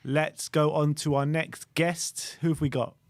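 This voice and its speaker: A man with a slightly raised pitch hosts a fan show in a casual, easygoing way, chuckling between questions. His voice is recorded dry and close, with no room sound. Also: fairly even intonation, unhurried, no echo. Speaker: host. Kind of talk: casual chat.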